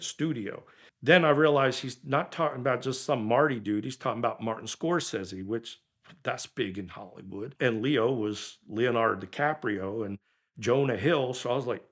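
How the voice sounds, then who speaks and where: Low-voiced man telling a car story. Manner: animated, acts out others' lines in quoted voices. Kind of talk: casual storytelling.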